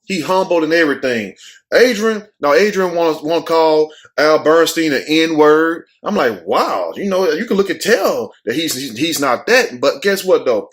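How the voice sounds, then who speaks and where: A man's voice: on the high side, normal speed. A man hosting his own show, giving blunt, casual commentary, swearing freely and acting out what others said. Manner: blunt, animated, swears freely, acts out quotes. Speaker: host.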